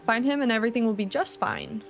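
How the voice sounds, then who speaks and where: Woman reading as an evasive wise king, game dialogue, fairly high voice, plain read. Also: huge pitch swings, fast, vocal fry, soft background music, exaggerated voice. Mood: calm.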